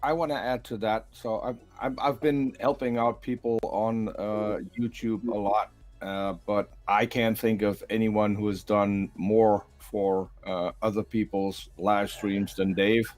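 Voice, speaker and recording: A man's voice: lowish voice, steady tone, unhurried, few pauses, a little mellow, no echo, soft background music. A man giving a tribute on a casual group call, stammering through restarts.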